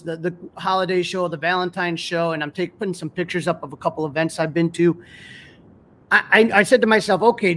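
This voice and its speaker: A man hosting a podcast interview, asking his question in a halting, word-repeating way. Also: high voice, fairly bright tone. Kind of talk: casual interview chat.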